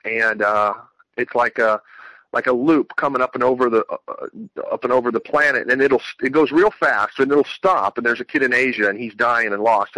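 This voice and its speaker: Man, bright tone, dry close mic, earnest testimony with lots of restarts. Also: mid-range voice, no echo, rough recording. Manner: earnest, rambling, many restarts. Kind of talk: personal religious testimony.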